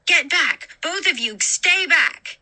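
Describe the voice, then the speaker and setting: A woman voicing a frightened young girl who shouts desperately while holding an axe. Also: high voice, lively intonation, slow, pitched above the performer's own voice, full character voice. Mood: screaming.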